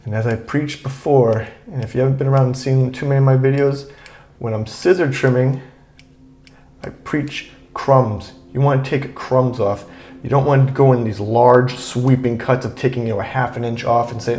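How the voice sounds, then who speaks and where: A man talking through a beard trim in a relaxed, chatty way, with lots of fillers and repeated words. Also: medium pitch, moderate pace, echoey room. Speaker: beard grooming vlogger. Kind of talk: relaxed how-to talk while trimming.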